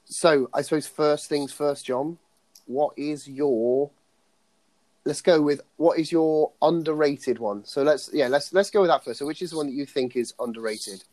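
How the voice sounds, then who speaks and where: A man's voice: fairly high pitch, moderate pace, a little mellow, dry recording. A man co-hosting a podcast, chatting casually about films, with frequent restarts and easy laughter. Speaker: podcast co-host.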